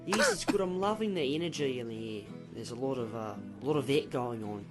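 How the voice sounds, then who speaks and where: A man's voice: mid-range voice, big pitch swings, fairly quick, loud music behind the voice, close to an everyday voice. A man doing a prim, polite Kiwi creature. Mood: earnest. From New Zealand. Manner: polite, formal, earnest. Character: polite male creature from New Zealand.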